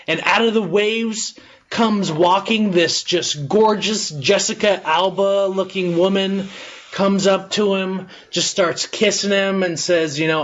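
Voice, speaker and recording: A man's voice: high-pitched, a little slow, a bit bright. A man co-hosting a casual podcast, telling a long crude joke in a rambling way, swearing often and laughing along as he goes. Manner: rambling, swears a lot, laughs through his own joke. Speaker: podcast co-host. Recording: dull lo-fi podcast audio, faint noise.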